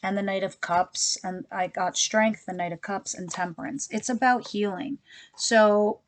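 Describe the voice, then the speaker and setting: A woman's voice: medium pitch, steady tone, a little slow, a little hiss or hum. A woman giving a casual tarot reading to her viewers, talking bluntly and chattily with frequent asides. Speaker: tarot reader.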